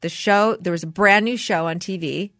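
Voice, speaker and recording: A woman's voice: normal speed, dry recording. Middle-aged woman hosting a podcast, tells stories with big jumps in her voice, dry close mic. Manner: animated storyteller, jumps high when quoting herself. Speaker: podcast host. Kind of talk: casual chat, storytelling.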